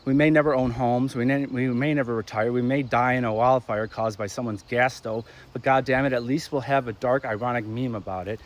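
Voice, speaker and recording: A young man delivering a crude, sarcastic comedic rant, exasperated and animated, with sudden loud spikes. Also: mid-range voice, brisk, hardly any pauses. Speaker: ranting commentator.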